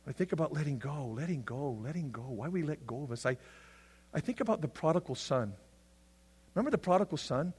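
A male pastor preaching a sermon, swinging between loud, impassioned passages and hushed, intense ones. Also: fairly high pitch, animated, fairly quick, husky. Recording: long hall reverb.

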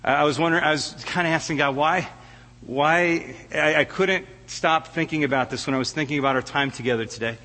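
A man's voice: fairly high pitch, brisk, pushed and bright, long reverb tail. A middle-aged man preaching a heartfelt sermon as a guest preacher, often stammering and restarting his words. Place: church sanctuary.

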